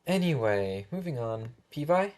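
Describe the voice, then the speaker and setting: This amateur animation voice-acting piece features a man at medium pitch with big pitch swings, a measured pace and a slightly mellow tone. He portrays a patient first-grade teacher calling roll who gets flustered, trips over his words, restarts sentences and keeps apologizing.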